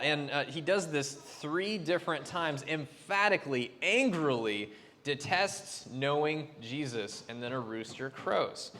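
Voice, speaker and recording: A man's voice: on the high side, lively intonation, unhurried, pushed and bright. Male pastor preaching in a reverberant church. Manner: conversational preaching with fillers and restarts. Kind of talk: sermon. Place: church sanctuary. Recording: long reverb of a church hall.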